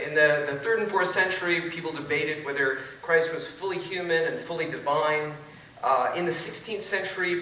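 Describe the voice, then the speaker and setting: Bright-voiced man lecturing in an echoey hall. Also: a little high. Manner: wry, joking, with frequent asides. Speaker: philosophy professor. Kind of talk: lecture-style debate talk. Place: large auditorium. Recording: echoey auditorium from far off.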